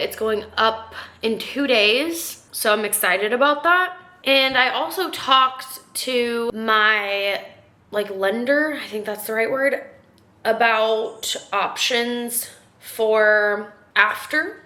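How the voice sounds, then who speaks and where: A woman's voice: a little high, sharp tone. A young woman vlogging casually at home, chatty and rambling with lots of "like". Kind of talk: casual vlog chat.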